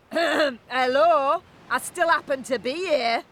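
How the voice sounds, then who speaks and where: A surly orc bounty hunter. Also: female voice, high-pitched, takes it slowly, fairly bright tone. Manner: curt, threatening.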